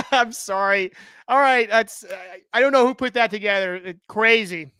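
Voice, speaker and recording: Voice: mid-range voice, expressive, unhurried, pushed and bright, smooth, no echo. A live show host chatting, plugging a sponsor, with teasing asides and frequent self-interruptions.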